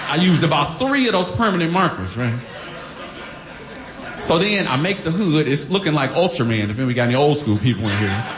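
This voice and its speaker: A man's voice: on the high side, brisk, background noise. A man from Detroit telling a funny personal story on stage, acting out the voices of the people in it. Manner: animated, acts out quoted voices, laughing. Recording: echoey hall.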